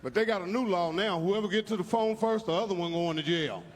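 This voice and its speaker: High-voiced crude stand-up comedian. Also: male voice, fast talker. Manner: crude, rowdy storytelling full of profanity. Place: large theater stage with a live audience. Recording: reverberant live hall, audience noise.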